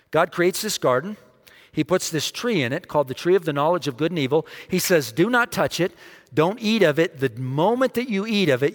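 A man preaching a sermon, dramatic, dropping almost to a hush to stress a point. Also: mid-range voice. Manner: dramatic, drops to a near hush for emphasis. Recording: long hall reverb.

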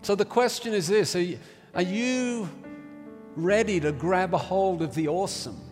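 A man's voice: high-pitched, normal speed, darkish tone. A man preaching a sermon, telling a story and building to emphatic declarations. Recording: reverberant hall with faint music.

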